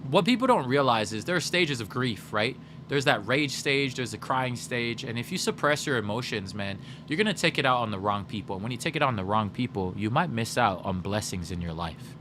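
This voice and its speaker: A man streams a video game in a mid-range voice, talking a little fast with few pauses over some background noise. He tells stories animatedly, swears, and speaks straight to his chat, answering their messages in a casual livestream.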